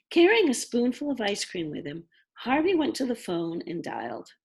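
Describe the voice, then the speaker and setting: A woman reading a children's novel aloud, narrating expressively and doing voices for the characters. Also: a little high. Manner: expressive, slow and husky. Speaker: audiobook narrator. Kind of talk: storybook narration.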